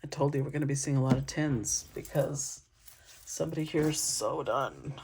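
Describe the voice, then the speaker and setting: A woman's voice: extremely low pitch, moderate pace, darkish tone, a little hiss or hum. A woman giving an intuitive tarot reading to her viewers, musing and conversational as she thinks aloud. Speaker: tarot reader.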